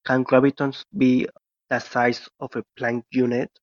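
A man's voice: mid-range voice, flat delivery, unhurried, no echo. A man leaving a voicemail to ask a brief, plain question. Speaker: voicemail caller. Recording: dull lo-fi voicemail.

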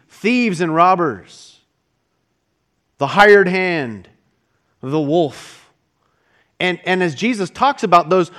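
A man's voice: sits high, fairly bright tone. A man preaching a sermon as a pastor, talking in a conversational way and often restarting his words.

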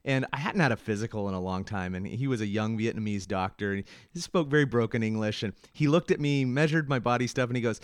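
A man's voice: mid-range voice, fast, hardly any pauses, dry recording. Dry close-miked man hosting an interview. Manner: candid, self-deprecating storyteller, frequent "mm" backchannels. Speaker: podcast host. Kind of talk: casual interview talk.

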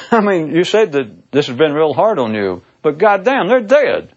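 Theatrical, sarcastic man with a husky voice. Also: a little high, very animated, moderate pace, muffled recording. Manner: sarcastic, theatrical, swooping emphasis. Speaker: speaker giving a monologue. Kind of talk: casual philosophical monologue.

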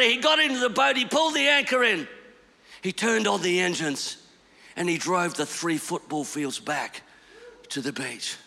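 A man preaching a storytelling sermon, swinging between hushed lines and shouted ones. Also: high voice, normal speed, gravelly, big-room sound.

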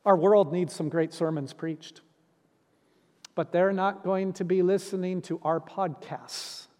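A man's voice: sits high, fairly even intonation, measured pace, darkish tone. A middle-aged man preaching a sermon as pastor, earnest and emphatic, repeating key phrases for weight. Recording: long reverb in a large hall.

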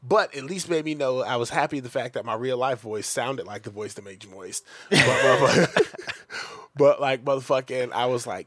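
A man co-hosting a podcast who tells stories in a joking, profane, animated way. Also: mid-range voice, moderate pace, dry recording. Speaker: podcast co-host. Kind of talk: casual chat. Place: studio.

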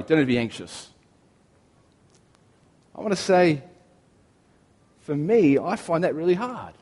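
Higher-pitched pastor in a reverberant hall. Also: male voice, breathy edge. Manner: conversational storytelling with gentle humor. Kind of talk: sermon.

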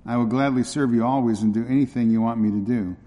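A stubborn male slave, as a preacher puts him on, insists in a slow, pleading voice. The tone is mellow. A long hall reverb trails each phrase. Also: medium pitch, fairly even intonation, lightly acted. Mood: amazed. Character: defiant male slave turned grateful servant.

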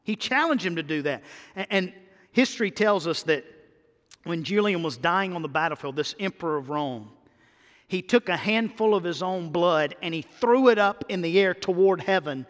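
A pastor preaches emphatically, repeating his key phrases. His male voice sits high, with lively intonation, a normal pace, a fairly bright tone, and a long reverb tail.

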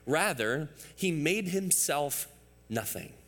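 A man's voice: fairly high pitch, expressive, slow pace, fairly bright tone, in a large hall. A man in his thirties preaching a sermon as pastor, emphatic and building through repeated phrases, with asides to the congregation.

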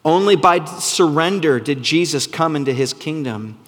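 A man preaching a sermon, earnest and full of rhetorical questions, sometimes dropping to a hushed voice for emphasis. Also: a little high, lively intonation, moderate pace, in a large hall. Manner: drops to a hushed, soft voice for emphasis. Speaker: pastor.

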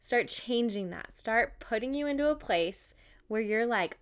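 A woman's voice: a little high, expressive, measured pace. A young woman vlogging in a casual talk to camera, bubbly and chatty, laughing often and using lots of fillers.

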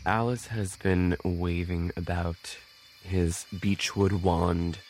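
A man describing his character's actions in a tabletop game, slowly and haltingly. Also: low voice, fairly even intonation, a little mellow, slight background noise. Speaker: player.

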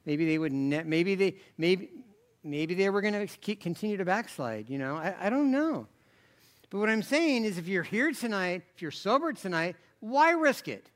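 A man's voice: high voice, very animated, moderate pace. A man preaching a conversational sermon, rambling through asides and jokes, then rising into emphatic bursts. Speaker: pastor.

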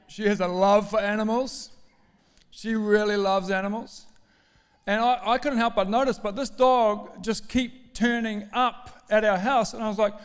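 A middle-aged man preaching a sermon, telling a story in an animated, self-mocking way with emphatic strings of words. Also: high voice, clean tone. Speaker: pastor. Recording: long hall reverb.

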